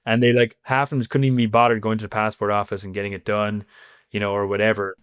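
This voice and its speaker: A man's voice: on the low side, flat delivery, clear, resonant tone, dry recording, studio quality. A man from Cork with a Cork Irish accent, talking casually as an interview guest and filling his speech with "like" and "you know". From Cork, Ireland. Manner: chatty, many "like" and "you know" fillers, quick.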